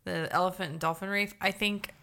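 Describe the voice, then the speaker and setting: A woman in her thirties co-hosting a casual podcast, chatty and quick to laugh. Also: fairly low pitch, steady tone, sharp tone. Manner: chatty, laughs easily, many fillers. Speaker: podcast co-host.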